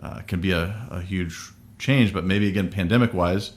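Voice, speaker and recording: Man, pastor, very low voice, reflective conversational delivery. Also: normal speed. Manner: thoughtful, searching for words. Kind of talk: casual podcast conversation.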